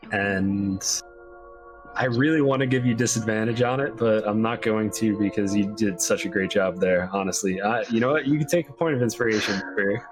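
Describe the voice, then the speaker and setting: A man narrates a tabletop game as game master in a fairly low voice. He explains rules in an easygoing, encouraging way, with plenty of fillers.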